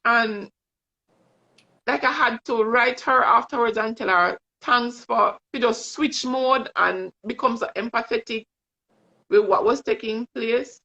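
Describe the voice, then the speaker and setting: Jamaican lady guest on a livestream, earnest storyteller, kinda gravelly, muffled lo-fi sound. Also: on the high side, measured pace, sharp tone. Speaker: guest, vision board coach. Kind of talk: casual chat on a livestream. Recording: dull lo-fi stream audio.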